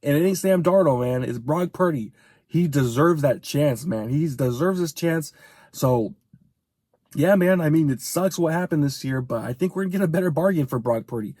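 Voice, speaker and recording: Man commentator, angry fan rant, swears a lot, slightly high voice, dry close sound. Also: lively intonation, mellow, dry recording. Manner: profane, fired-up, rapid-fire venting.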